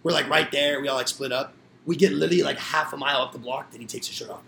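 A man's voice: medium pitch, steady tone, quick pace, vocal fry, a bit bright, a little hiss or hum. A young man telling rowdy, profane stories in a casual podcast chat, acting out what others said. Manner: rowdy, profane storytelling with acted-out quotes. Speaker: podcast guest storyteller.

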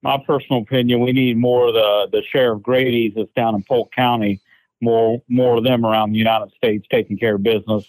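A man from Florida, a guest in a casual chat, plain-spoken and halting with restarts. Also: medium pitch, fairly even intonation, darkish tone, dry recording, rough recording.

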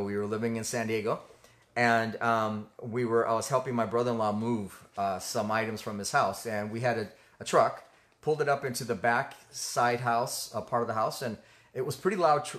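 A man co-hosting a faith talk, speaking earnestly and haltingly with many fillers and restarts. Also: mid-range voice, steady tone, fairly bright tone. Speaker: ministry co-host. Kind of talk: conversational faith teaching.

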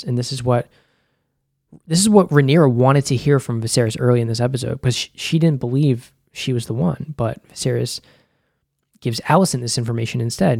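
A man's voice: medium pitch, vocal fry, a little mellow, no room sound, studio quality. A man hosting a podcast, talking loosely in casual commentary, full of "like," restarts and the odd swear word. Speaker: podcast host.

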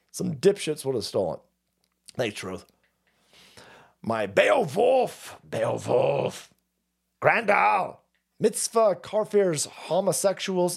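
A man hosting a livestream, chatting casually and reading chat, profane and rambling, laughing often. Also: on the high side. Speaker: livestream host.

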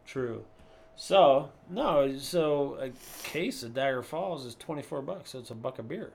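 A man's voice: mid-range voice, lively intonation, unhurried, gravelly, slight background noise. A man who is sick, co-hosting a casual chat with dry, offhand remarks. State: sick, congested.

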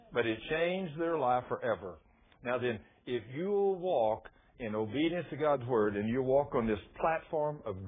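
A man's voice: medium pitch, breathy edge. A middle-aged man, preaching a sermon and telling stories, acting out the dialogue in a folksy way. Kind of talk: sermon with storytelling. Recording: tinny phone-like radio broadcast.

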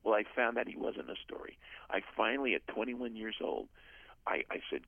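A man's voice: on the low side, animated, a little fast, creaky, no echo. An older man from the USA, a guest author telling his personal testimony in an earnest, storytelling way. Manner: earnest storyteller, acts out quoted voices. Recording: phone-line audio.

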